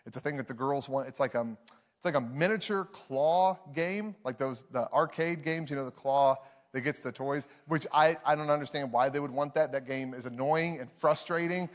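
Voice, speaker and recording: A man's voice: mid-range voice, normal speed. A man in his thirties, a pastor preaching a sermon to a live room, telling a story with frequent restarts and acting out the voices in it. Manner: acts out voices in anecdotes. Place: church hall with live audience.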